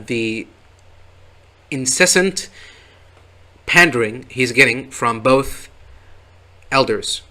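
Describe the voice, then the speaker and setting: A man's voice: medium pitch, pushed and bright. A man casually recapping a show episode in a rambling way, with many fillers and chuckles. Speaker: show reviewer.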